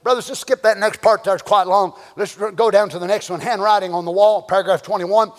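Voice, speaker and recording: A man preaching a sermon, swinging between folksy storytelling and shouted, drawn-out exhortation. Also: high voice, fairly even intonation, in a large hall. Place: church sanctuary.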